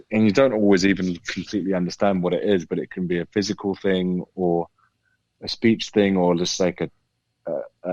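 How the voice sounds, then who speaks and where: Deep-voiced British man, muffled sound. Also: darkish tone, dry recording. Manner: thoughtful, many restarts and hedges. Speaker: actor guest. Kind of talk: casual interview chat.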